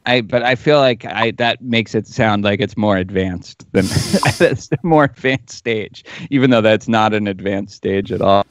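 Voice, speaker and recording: Podcast guy on a video call, kinda low voice, jokey, muffled audio. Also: unhurried, hardly any pauses. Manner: joking and self-deprecating. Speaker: podcast co-host. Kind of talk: casual chat.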